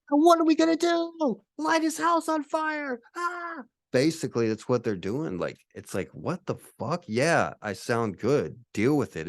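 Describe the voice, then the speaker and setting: A man's voice: medium pitch, no room sound, studio quality. A man in his forties hosting a podcast, ranting in a profane, boastful, combative monologue. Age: 40s. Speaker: podcast host.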